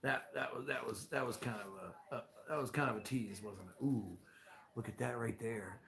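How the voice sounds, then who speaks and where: A woman's voice: rumbling low, moderate pace, creaky, a bit bright. A woman in her forties, chatting casually on a live stream from home, rambling fondly about her cat. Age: 40s.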